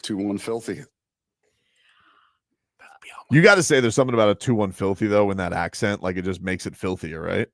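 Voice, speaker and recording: A man hosting morning sports radio, joking and playful with loud outbursts. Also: low voice, quick pace, gravelly, few pauses, dry recording, clean studio sound.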